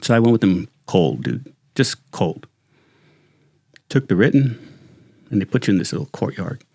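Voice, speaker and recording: A middle-aged man, a retired sheriff's lieutenant, telling stories in a casual, animated way and saying "dude" often. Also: low voice, normal speed, gravelly, dry recording, clean studio sound. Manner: animated, slangy, says "dude" constantly. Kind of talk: casual storytelling chat.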